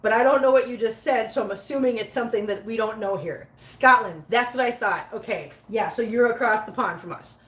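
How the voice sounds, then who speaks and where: A cat vlogger chats with her live viewers and reads their comments while cleaning litter boxes in a home full of cats, laughing a lot and talking to the animals. Her voice is a little high and fast with barely any pauses, picked up by a phone set nearby in an echoey room.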